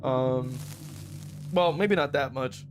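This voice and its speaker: A man's voice: medium pitch, slow pace. A young man streaming a game in casual, slangy chat, swearing a lot and laughing often. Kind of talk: casual live-stream commentary. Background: loud game music.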